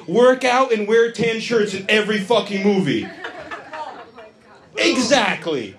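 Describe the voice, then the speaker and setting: Brash stand-up comedian with roaring crowd. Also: male voice, sits high, sing-song, measured pace, pauses often. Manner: brash, profane, loud crowd banter. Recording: live club audience. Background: crowd laughter.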